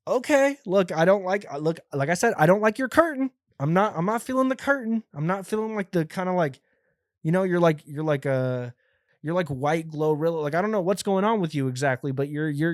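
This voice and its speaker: A young American man hosting a comedy podcast, rambling through a profane, animated monologue full of restarts. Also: fairly high pitch, a little fast, no room sound, clean studio sound. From United States. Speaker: podcast host.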